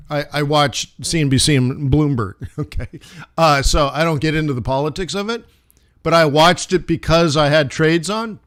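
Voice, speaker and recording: A man's voice: mid-range voice, fairly bright tone, clear, resonant tone. A middle-aged man, a forex trader, talking casually and rambling on a live stream, with restarts and acted asides. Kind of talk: casual livestream commentary.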